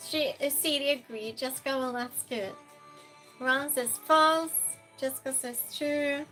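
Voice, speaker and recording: Woman streamer hosting a quiz, high voice, unhurried, reads chat aloud, switches between loud and hushed. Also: steady tone, faint music behind. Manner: reads chat aloud, slow and chatty, swings between loud outbursts and soft near-whispers. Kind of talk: casual live-stream chat.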